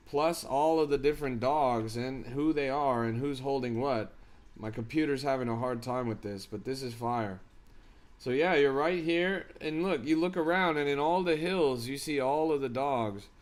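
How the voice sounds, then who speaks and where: A man's voice: medium pitch, moderate pace. A man hosting a crypto live stream, giving hyped, slangy commentary and talking straight to his chat. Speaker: crypto livestream host.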